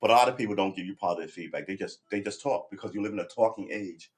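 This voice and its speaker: Rambling, cussing middle-aged guitar vlogger. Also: male voice, low-pitched, very fast. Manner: rambling, self-deprecating, profane pep talk. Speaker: guitar vlogger livestreaming practice. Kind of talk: casual livestream chat. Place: at home on a sofa. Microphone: desk microphone close by.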